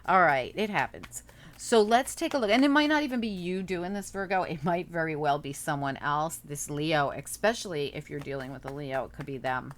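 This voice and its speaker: A woman's voice: deep voice, expressive, fairly quick. A woman doing a casual tarot reading, chatting and thinking aloud as she turns the cards over. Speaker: tarot reader.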